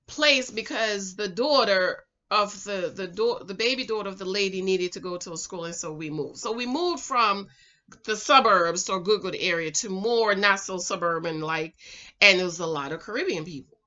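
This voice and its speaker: A woman's voice: mid-range voice, normal speed, lo-fi sound. Chatty Jamaican woman telling stories. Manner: animated, chatty, swings from loud to quiet. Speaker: vlogger. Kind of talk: casual storytime vlog.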